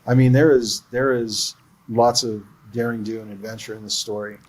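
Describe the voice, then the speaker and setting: A man's voice: lowish voice, steady tone, moderate pace, low-quality recording. A man who is a film producer, telling earnest stories about a production in a livestream interview.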